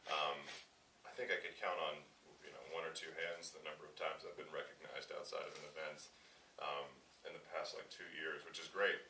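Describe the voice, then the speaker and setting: A man's voice: extremely low pitch, brisk, slight background noise. A man in his thirties, a voice actor, answering interview questions at a convention and acting out the people in his stories. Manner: animated storyteller acting out quotes. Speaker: voice actor guest. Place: convention event. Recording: echoey hall, slightly distant mic.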